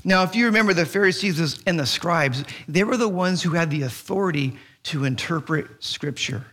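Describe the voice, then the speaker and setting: Halting, animated pastor preaching. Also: male voice, on the high side. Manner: animated storytelling, halting restarts. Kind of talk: sermon.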